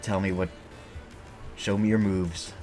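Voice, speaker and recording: A man's voice: low voice, steady tone, a little slow, a little mellow, soft background music. A man streaming a game, chatting casually and rambling, joking and swearing freely as he plays. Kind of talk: casual gameplay commentary.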